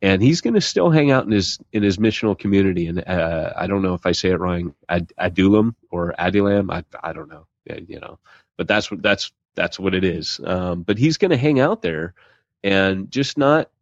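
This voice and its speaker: A man's voice: low-pitched, lively intonation, normal speed, dry recording, lo-fi sound. Laid-back rambling male podcast co-host. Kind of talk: casual podcast chat.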